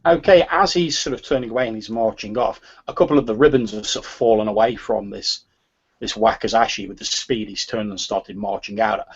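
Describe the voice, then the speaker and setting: A man's voice: fairly low pitch, brisk. A man narrating as game master in a tabletop game, hesitant and full of "sort of" fillers. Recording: husky, muffled lo-fi recording.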